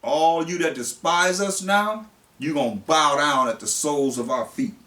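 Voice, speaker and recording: A male preacher, who reads scripture slowly and then explains it in blunt everyday speech. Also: fairly high pitch, pushed and bright. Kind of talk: sermon. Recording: roomy, distant mic.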